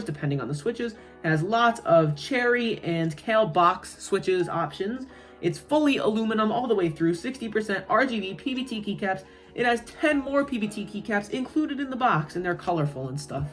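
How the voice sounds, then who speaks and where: A woman giving a casual, rambling product review, full of fillers and asides. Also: on the low side. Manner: chatty, rambling, frequent fillers. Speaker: tech reviewer.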